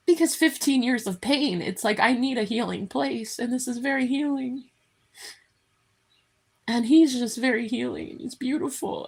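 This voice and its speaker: A woman talking in a heartfelt, rambling vlog, full of halting restarts. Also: on the high side, creaky, slightly rough. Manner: earnest and effusive. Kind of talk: emotional personal vlog.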